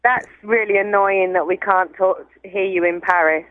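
A woman's voice: mid-range voice, steady tone, moderate pace, dry recording. A woman with a Cockney accent calling into a radio show, chatty and giggly. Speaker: caller. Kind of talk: casual phone call. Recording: phone line.

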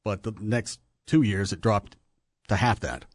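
A man's voice: fairly low pitch, measured pace, no room sound. A man, hosting a radio show and chatting in an offhand, opinionated way. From Texas. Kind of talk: casual radio chat.

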